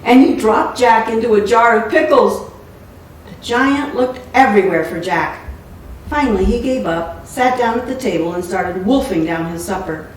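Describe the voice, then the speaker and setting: A woman's voice: medium pitch, moderate pace. A woman reading a picture book aloud with playful asides. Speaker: storybook reader. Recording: echoey room, mic far off, faint noise.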